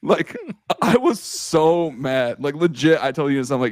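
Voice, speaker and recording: Excitable young man hosting a podcast. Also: a little high, measured pace, no echo, clean studio sound. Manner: excitable, swearing, laughs often. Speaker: podcast host. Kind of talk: casual sports chat.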